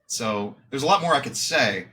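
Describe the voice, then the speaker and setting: A man's voice: medium pitch, animated, normal speed, sharp tone. A man in his thirties, a podcast guest, talking casually and self-deprecatingly with lots of fillers over a video call. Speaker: podcast guest, exercise physiology researcher. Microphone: webcam setup, video call.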